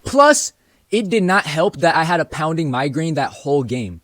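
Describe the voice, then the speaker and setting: A man's voice: fairly high pitch, very animated, moderate pace, fairly bright tone, no room sound. A young man narrating a casual, self-mocking storytime with plenty of swearing. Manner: laid-back, self-mocking, profane.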